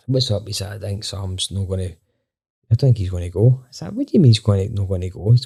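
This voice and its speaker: Low, mellow Scottish man telling a story. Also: quick pace, creaky, husky. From Scotland. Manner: animated, swears freely, acts out quoted dialogue. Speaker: band member, podcast guest. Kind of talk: casual storytelling anecdote.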